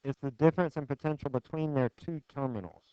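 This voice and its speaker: A man's voice: medium pitch, quick pace, clean tone, no room sound. A man giving a physics lecture, putting questions to the class in a conversational, joking way. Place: lecture hall. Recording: dull lo-fi classroom screencast audio, dry.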